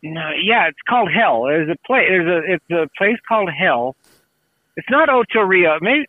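A rambling man swaps loose travel tales, swears often and acts out other people's lines. His voice sits a little high and sounds tinny and thin, like a phone line in a dry room. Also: lively intonation, normal speed, dry recording. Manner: rambling storyteller, swears freely, acts out quotes. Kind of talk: casual chat.

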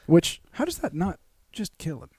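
A man's voice: fairly high pitch, wildly swooping pitch, moderate pace, creaky, darkish tone, slightly rough, no echo. Crude, rambling young man on a podcast. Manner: rambling, crude, laughing often. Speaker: podcast co-host. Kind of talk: casual comedy chat. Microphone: studio podcast microphone.

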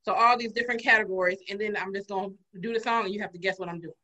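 A woman hosting a casual podcast chat, telling stories with loud swearing and laughter. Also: medium pitch, steady tone, rapid-fire, poor audio. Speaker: podcast host.

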